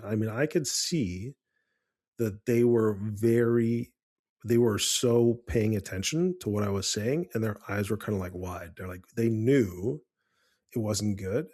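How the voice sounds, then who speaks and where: A middle-aged man co-hosting a parenting podcast, talking calmly and earnestly, telling personal stories with frequent restarts. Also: lowish voice, husky. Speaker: podcast co-host. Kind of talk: casual podcast chat.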